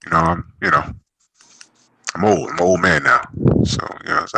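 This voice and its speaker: A man's voice: low-pitched, animated, brisk, gravelly, pushed and bright, breathy edge, dry recording, poor audio. A man hosting a casual group chat, telling long rambling stories full of swearing and fillers. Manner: profane rambling storyteller. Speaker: podcast host. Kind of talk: casual group chat about games and boxing.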